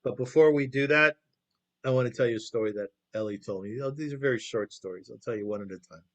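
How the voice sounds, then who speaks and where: A man teaches by telling stories in a relaxed, conversational way. He keeps putting questions to his listeners. The sound comes through a video call. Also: mid-range voice, quick pace. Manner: conversational, asks the audience questions. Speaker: lecturer. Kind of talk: storytelling lecture.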